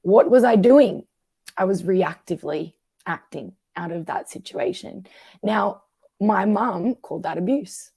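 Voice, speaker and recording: A woman, a coach talking through emotional patterns in a conversational interview, animated and acting out the voices she quotes. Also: mid-range voice, a little slow, vocal fry, slightly rough, no echo. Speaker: guest coach.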